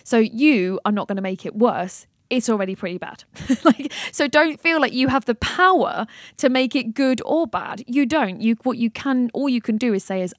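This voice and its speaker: A woman's voice: on the high side, normal speed, no echo, clean studio sound. Passionate woman. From Britain. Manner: passionate, animated, swears and laughs. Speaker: podcast guest. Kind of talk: casual chat.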